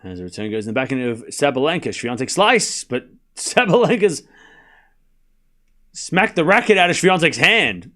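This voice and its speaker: Here a young Australian man with a slightly high, sharp voice and big pitch swings hosts a relaxed live tennis watchalong at a normal pace. He chats and rambles, calling scores in between.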